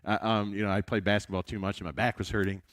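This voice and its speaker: A man with a deep, low voice preaches a Sunday school lesson as a lively story, tumbling through restarts and asides. He sounds like a traveling evangelist. The recording is close and dry. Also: fast, dry recording. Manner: chatty, animated storytelling with frequent restarts.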